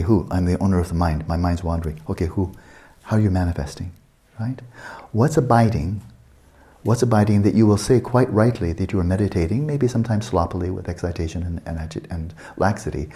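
A man guiding a meditation session as a teacher, unhurried and questioning, often checking in with his listeners. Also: deep voice, mellow.

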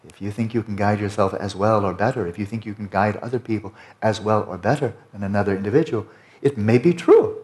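Here an American meditation teacher talks fast with few pauses, his voice on the low side and steady in tone. Addressing retreat students in a conversational dharma talk, he stays emphatic and keeps asking "right?".

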